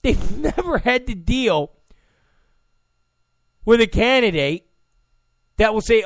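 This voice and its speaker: A man's voice: high-pitched, sing-song, unhurried, creaky, pauses often, no room sound, studio quality. A male political commentator giving an opinion monologue in a mocking way, often acting out the people he quotes. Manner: mocking, acts out quoted people in put-on voices.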